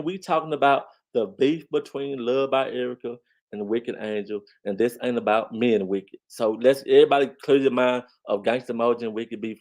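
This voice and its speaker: A man hosting a casual commentary, talking straight to his viewers and repeating phrases for emphasis. He stresses points by swinging his voice up and getting louder. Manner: lively swings in pitch and loudness when stressing a point. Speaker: commentary channel host. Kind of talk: casual commentary on online drama.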